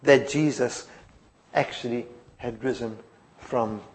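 A man preaching a sermon, telling the stories expressively, dropping soft and quiet and then rising to emphatic lines. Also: mid-range voice, steady tone, slow pace.

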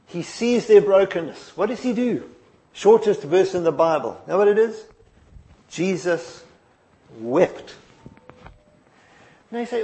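A man with a high-pitched voice preaches a morning sermon. He retells the stories with lively expression, sinking to hushed lines and then climbing to emphatic ones. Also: slow, pauses often. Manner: expressive storytelling, dropping soft then rising emphatic.

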